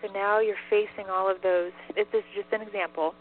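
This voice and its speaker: A woman's voice: medium pitch, fairly even intonation, a little fast. A woman talking as a medium, in casual chat full of fillers and "like", relaying answers. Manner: chatty, many fillers and "like". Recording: tinny phone line with faint hiss.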